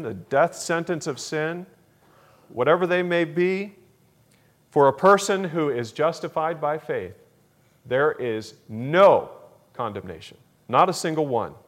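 A man preaching a sermon, slow and deliberate, repeating key phrases for emphasis. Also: on the high side. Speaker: pastor.

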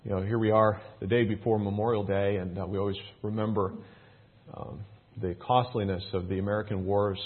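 Husky-voiced man reading and explaining scripture. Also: lowish voice, a little fast. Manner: reads scripture louder and more raised, explains in a relaxed folksy way with fillers. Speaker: preacher teaching a Bible passage. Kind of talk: reading scripture aloud, then explaining it in plain talk. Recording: tinny phone-like sound.

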